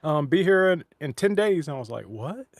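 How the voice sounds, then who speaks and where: A man's voice: fairly high pitch, expressive, a little fast, dry recording, clean studio sound. A man chatting casually on a livestream, rambling and restarting his sentences often. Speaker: voice actor and stream co-host. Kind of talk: casual chat.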